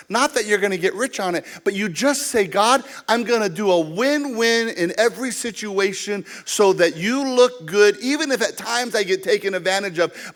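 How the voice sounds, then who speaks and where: Preaching in a high, slightly bright voice, this male pastor shares stories from his own life and voices both parties in the conversations he describes.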